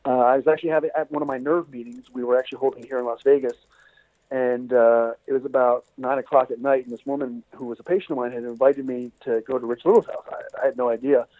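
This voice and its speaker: A man's voice: medium pitch, fairly even intonation, quick pace, no echo. A man, a doctor and interview guest, telling rambling stories with lots of "uh" and restarts over the phone. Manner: rambling storyteller with many fillers and restarts. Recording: tinny phone line.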